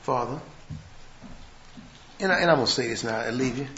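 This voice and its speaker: A man preaching a sermon in a folksy way, dropping to a hush and then rising to shouts. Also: medium pitch, moderate pace, roomy sound, lo-fi sound, noisy background. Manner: swings from hushed to shouting, folksy grammar.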